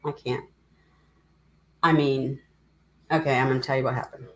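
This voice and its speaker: A middle-aged woman with a notably low voice hosts a casual livestream, rambling and emotional as she tells her story. She breaks off now and then to greet viewers by name. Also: fairly even intonation, moderate pace, a bit bright, low-quality recording. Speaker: livestream host.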